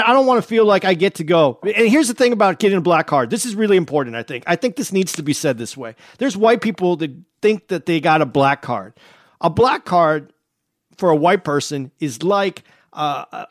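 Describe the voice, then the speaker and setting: Man, high-pitched, earnest, halting restarts, casual podcast chat, dry sound. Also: no echo. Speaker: podcast co-host.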